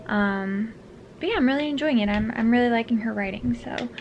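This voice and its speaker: Brief: tired woman book vlogger, rambling casual chat, voice sits a bit high, faint hiss behind. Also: fairly quick, highs cut off. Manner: chatty, rambling, with frequent fillers. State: tired, yawning.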